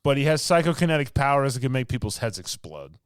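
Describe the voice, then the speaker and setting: A man's voice: mid-range voice, sing-song, fast talker, clear, resonant tone, dry recording, clean studio sound. A man co-hosting a podcast, casually recapping a movie in a rambling, filler-heavy way and laughing often. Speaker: podcast co-host.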